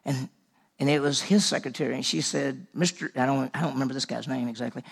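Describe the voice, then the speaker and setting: Gravelly husky guy from mississippi, animated storyteller in a sermon. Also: medium pitch, fast talker. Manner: animated storyteller acting out dialogue. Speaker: preacher telling a personal story. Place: large room with audience.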